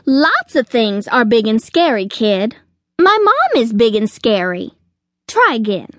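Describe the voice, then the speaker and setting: A woman's voice: a little high, sing-song, measured pace, a bit bright, no echo. A tough little chick detective, voiced by a woman reader talks in a blunt, no-nonsense way. Her voice is raised and bouncy, and she takes her time. The recording is dry and close. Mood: brusque. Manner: brusque, no-nonsense.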